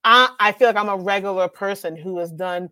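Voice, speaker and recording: A young adult woman, an author talking in a casual conversation, animated and quick to laugh. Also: medium pitch, dry recording. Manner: animated, laughs often, acts out voices. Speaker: author and speaker.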